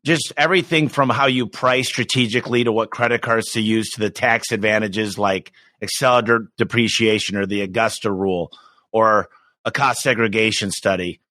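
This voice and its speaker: Man, middle-aged, bright forceful tone, dry close sound, emphatic podcast guest talk. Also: on the low side, no room sound. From United States. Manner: energetic, emphatic, quick restarts, acts out quoted voices. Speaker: business owner guest. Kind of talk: casual podcast interview.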